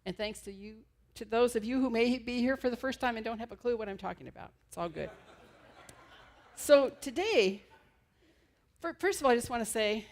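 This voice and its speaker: A woman's voice: medium pitch, lively intonation, moderate pace. A middle-aged woman minister giving an enthusiastic, conversational sermon.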